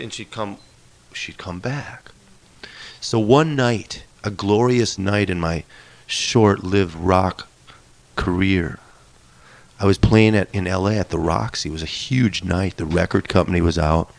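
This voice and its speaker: Candid low-voiced man telling a story. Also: normal speed, vocal fry. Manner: wry, candid, swears for emphasis. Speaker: musician and storyteller. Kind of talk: personal storytelling talk.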